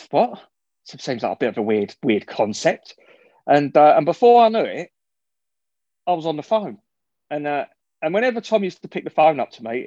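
A man's voice: mid-range voice, a little mellow, dry recording, highs cut off. A man giving a frank, rambling personal share at a recovery meeting, swearing and restarting his sentences often.

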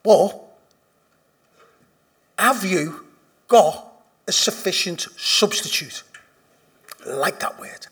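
A man with a Liverpool accent giving a personal recovery testimony, blunt and profane, dropping to a hush and then rising loud with laughter. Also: sits high, lively intonation, slow pace, long pauses, breathy edge. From Liverpool, England. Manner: blunt and profane, swinging from hushed confession to loud laughing emphasis. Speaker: speaker sharing at a recovery meeting.

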